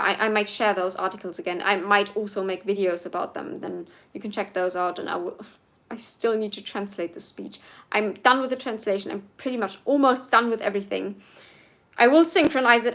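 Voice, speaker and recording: A chatty German woman in her twenties, a native German speaker, hosts a livestream Q&A and reads out viewer comments. Her mid-range voice is a little bright. She comes across as earnest, with lots of fillers and restarts.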